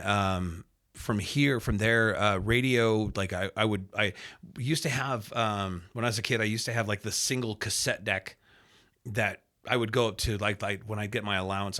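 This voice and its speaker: A man in his fifties from Reno, Nevada, a radio host and sports announcer telling stories as a podcast guest, animated and acting out the people he describes, with plenty of fillers. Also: fairly low pitch. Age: 50s. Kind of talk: casual storytelling interview.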